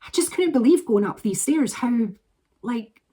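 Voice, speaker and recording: A woman's voice: on the high side, expressive, measured pace, warm tone, slightly rough. A middle-aged woman chatting to camera in a vlog, gushing and rambling with fillers and restarts. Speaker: vlogger. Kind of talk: casual chat to camera.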